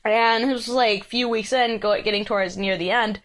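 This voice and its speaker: A fairly high-voiced woman tells a story in a loose, casual chat. She is animated and laughs often, and she swears freely. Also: moderate pace. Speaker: podcast host.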